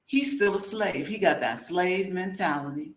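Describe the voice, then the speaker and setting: A woman's voice: on the low side, moderate pace. A woman hosting a commentary show, giving a blunt, heated and slangy opinion monologue. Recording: echoey room.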